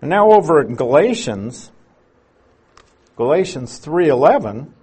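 A man's voice: on the high side, very animated, measured pace, darkish tone, breathy edge. A man teaching through scripture in an expository sermon, patient and explanatory, leaning on key words to drive his points home. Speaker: Bible teacher.

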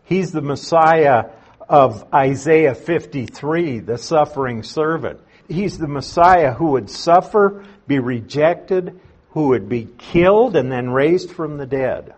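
Slow, husky-voiced male Bible teacher. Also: a little high, expressive, darkish tone. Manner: unhurried, conversational, explains and restates points. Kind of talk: verse-by-verse Bible study teaching.

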